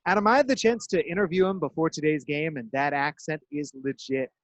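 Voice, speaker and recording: Man, baseball play-by-play announcer, slightly high voice, dry close sound, crisp measured calls. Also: lively intonation, dry recording. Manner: crisp, measured delivery with dramatic emphasis on outs. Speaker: play-by-play broadcaster. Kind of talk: radio-style baseball play-by-play.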